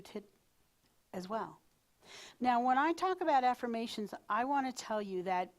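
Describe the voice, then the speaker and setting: A woman minister giving a live sermon to her congregation, talking in a conversational, playful way with asides to the crowd. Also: mid-range voice. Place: spiritual center service in front of a congregation.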